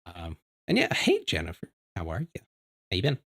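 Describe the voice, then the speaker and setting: A man streaming from home, chatting casually with his viewers in a rambling, animated way, often restarting his sentences. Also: sits low, moderate pace, vocal fry. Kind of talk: casual livestream chat. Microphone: desk microphone.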